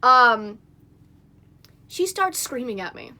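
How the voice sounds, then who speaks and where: A woman's voice: a little high, big pitch swings, slow, sharp tone. Indignant young woman ranting on stream. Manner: indignant, rambling rant with many fillers. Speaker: livestreamer. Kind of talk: venting livestream chat. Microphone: phone mic.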